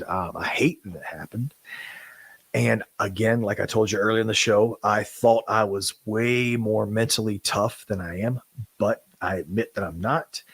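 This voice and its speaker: A man speaking as a podcast host, emotional, halting and apologetic in candid talk. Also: on the low side, breathy edge, no echo.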